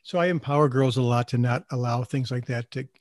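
A man's voice: mid-range voice, a little fast, darkish tone, no echo. Earnest male host, dry close sound. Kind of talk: interview conversation.

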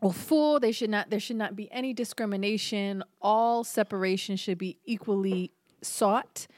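A woman's voice: mid-range voice, darkish tone, no echo, clean studio sound. A woman co-hosting a casual podcast chat, reacting emphatically and with disbelief. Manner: emphatic, incredulous, quick reactions. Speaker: podcast co-host.

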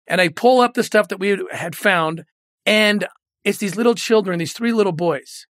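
A man's voice: high-pitched, normal speed, fairly bright tone, no room sound. Earnest middle-aged man, dry studio sound. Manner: earnest, emotional, retells quoted dialogue. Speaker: former federal agent, interview guest. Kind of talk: candid interview storytelling.

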